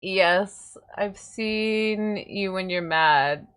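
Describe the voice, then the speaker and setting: A woman's voice: mid-range voice, very slow, fairly bright tone, clear, resonant tone. A woman chatting casually on a livestream as a VTuber, giggling and rambling playfully to herself and her viewers. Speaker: VTuber streamer.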